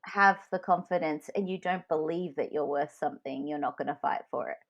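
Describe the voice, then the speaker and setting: Her voice is deep and brisk, though the recording sounds muffled. She's a podcast co-host in casual conversation, frankly and candidly recounting episodes from her own work life.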